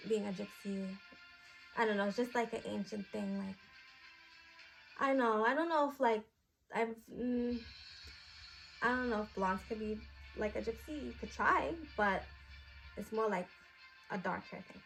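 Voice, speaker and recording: A woman's voice: on the high side, a little slow, vocal fry, pauses often, faint music behind. A woman in character as a psychic priestess giving a magic class, rambling with many fillers in a mystical tone. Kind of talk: improvised role-play class.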